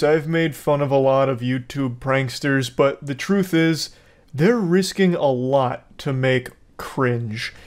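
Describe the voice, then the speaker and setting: A man giving blunt, profane, sarcastic commentary on video clips. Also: medium pitch. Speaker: commentary host.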